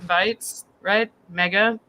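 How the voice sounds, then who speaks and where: A man's voice: high voice, fairly even intonation, extremely slow, bright, forceful tone, rough recording. A man co-hosting a casual podcast, flustered and joking, swearing a lot, on a laptop mic. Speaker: podcast co-host. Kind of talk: casual chat. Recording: laptop mic with faint noise.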